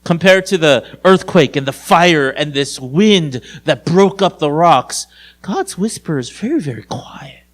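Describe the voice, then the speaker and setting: High-voiced, unhurried male pastor. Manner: conversational, addresses listeners as "you guys"; swings between raised emphasis and hushed low tones. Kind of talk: sermon.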